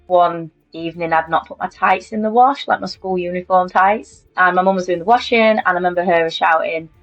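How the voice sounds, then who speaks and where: A woman with a lowish voice talks candidly through her own story in an interview. Her delivery is chatty and full of fillers. The recording is dull and lo-fi, with faint music underneath. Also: fairly quick.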